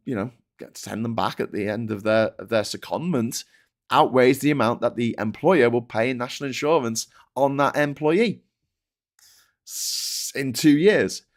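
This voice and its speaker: A man hosting a livestreamed news show, ranting in exasperation about the day's stories and reading out viewer chats. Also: medium pitch.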